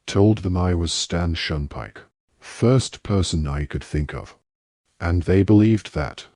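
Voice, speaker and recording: An awkward teenage wizard boy, as a man reads him, defensive and apologetic, explaining in a rush. The voice sits deep and low, recorded dry with no room sound. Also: slow, a little mellow, dry recording, heavily acted.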